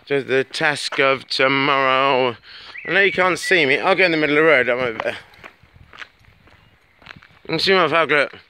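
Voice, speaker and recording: A man rambling chattily into his phone while walking home on a dark road at night, swearing freely as he talks. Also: mid-range voice, moderate pace, long pauses. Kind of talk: casual vlog monologue. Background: birds tweeting, faint outdoor noise.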